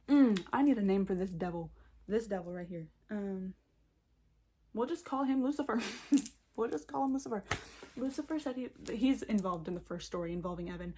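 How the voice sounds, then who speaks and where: A young woman telling a heated storytime vlog into her phone, swearing often and talking fast. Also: medium pitch, a little mellow, a little hiss or hum. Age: young adult.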